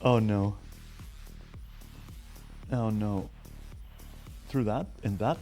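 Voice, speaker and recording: A man's voice: fairly low pitch, takes it slowly, long pauses, a little mellow. A man casually narrating his video game play to viewers, joking crudely and swearing often. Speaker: streamer. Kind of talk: casual gaming commentary. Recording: faint game music behind. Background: game music.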